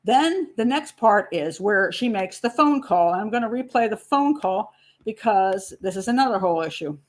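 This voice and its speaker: A woman's voice: mid-range voice, expressive, moderate pace. A woman hosting a true crime show, analyzing a case in conversational commentary and acting out quotes to argue her points. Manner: conversational, argumentative, acts out quotes. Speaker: true crime profiler host.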